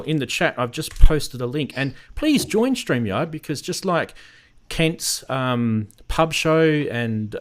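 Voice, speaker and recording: A man with an Australian accent hosting a casual live stream, rambling and greeting viewers in the chat by name. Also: medium pitch. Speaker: host of a synth live stream.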